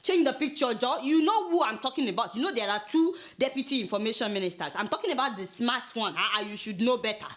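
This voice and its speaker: A woman's voice: fairly high pitch, lively intonation, fast, few pauses, a bit bright. A young woman hosting a comic news show, mock-outraged and scolding her producer. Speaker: satirical news show host.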